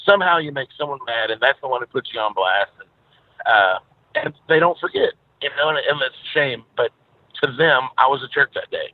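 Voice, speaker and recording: A man's voice: mid-range voice, expressive, fairly quick, no echo. Southern man talking over a tinny phone line. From Texas. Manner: easygoing storyteller, many filler uhs. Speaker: guest musician. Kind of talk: casual interview over the phone.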